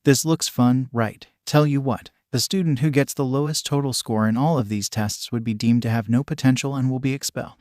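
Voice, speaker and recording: A man voicing a tired, blunt male homeroom teacher who speaks in flat, terse orders. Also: medium pitch, fairly quick, few pauses, dry recording, studio quality, lightly acted. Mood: stern.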